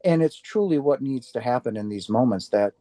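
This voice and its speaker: Speaking briskly and with animation, an older man from Wisconsin recounts his personal story as an interview guest, heartfelt and earnest, voicing the quotes he relays. His voice is warm, mellow, and medium-pitched, recorded close and dry without room sound.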